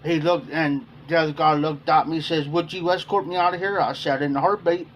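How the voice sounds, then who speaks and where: A man's voice: on the high side, fairly even intonation, fairly quick, a little hiss or hum. A man hosting a casual livestream, telling a long story to his chat and repeating "I said" as he goes. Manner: rambling, repeats "I said" while retelling. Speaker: livestream host.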